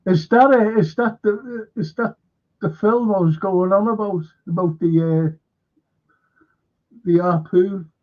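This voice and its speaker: A man's voice: high-pitched, a little slow, long pauses, narrow, tinny audio. A man hosting a casual film chat, retelling scenes and laughing as he goes. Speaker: host.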